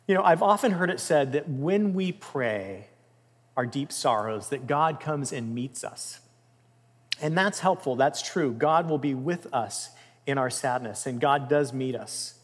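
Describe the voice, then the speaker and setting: A man preaching a sermon in an earnest, emphatic way, rising in intensity and dropping softly. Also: fairly high pitch. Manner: earnest, emphatic, with swells of intensity and soft drops. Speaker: pastor. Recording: long reverb of a large room.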